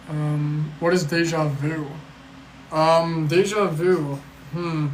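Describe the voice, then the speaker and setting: A man chatting casually on a livestream, rambling and blunt with a fair bit of swearing, reading out questions from chat and answering them. He sounds worn out. His voice sits a bit high for a man and is caught in an echoey room with a faint hiss underneath. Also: fairly even intonation, slow. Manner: rambling, blunt and profane, with restarts and sarcasm. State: tired. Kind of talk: casual live-stream chat.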